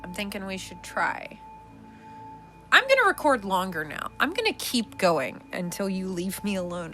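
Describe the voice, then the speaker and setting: A young adult woman hosting a casual podcast, sassy and animated, laughing often. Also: medium pitch, normal speed, soft background music. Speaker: podcast host.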